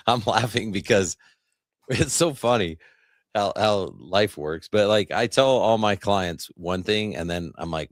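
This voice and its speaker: Low-voiced, laid-back podcast host. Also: male voice, slow, dry recording, clean studio sound. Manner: easygoing, laughs often. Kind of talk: casual conversational interview.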